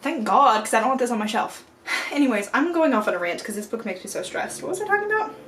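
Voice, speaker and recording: A young woman with a slightly high voice talks through a casual book review vlog. She rambles warmly and loosely, and her pitch swings up and down with quick asides. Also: sing-song. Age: young adult. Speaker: book vlogger.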